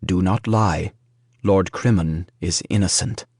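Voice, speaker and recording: A man's voice: low-pitched, slow, darkish tone, breathy edge, no room sound, clean studio sound, heavily acted. A man voicing a stern, haughty male war wizard who speaks curtly and icily. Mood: icy. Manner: icy, curt.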